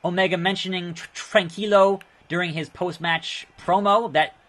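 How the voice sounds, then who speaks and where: A man casually commenting while playing a wrestling video game, chatty and quick to react out loud. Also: high-pitched, steady tone. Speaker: gaming video host. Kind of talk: casual let's play commentary.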